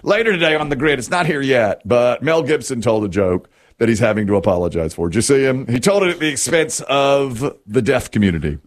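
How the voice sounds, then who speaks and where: Animated man telling a rambling joke. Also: mid-range voice, brisk, hardly any pauses. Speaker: radio show co-host. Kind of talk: casual morning show banter.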